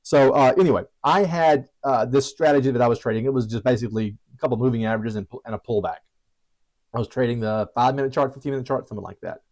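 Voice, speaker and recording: A man's voice: medium pitch, fast talker, darkish tone, poor audio. Chatty self-deprecating male trading teacher. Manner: chatty, self-deprecating, lots of restarts and asides. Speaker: trading educator. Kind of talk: casual teaching monologue.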